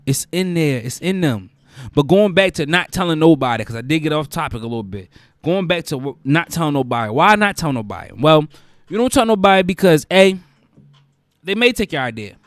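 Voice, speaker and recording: A man's voice: fairly high pitch, very animated, fairly quick, no echo. A male host giving advice in a casual, preachy monologue, repeating phrases for emphasis.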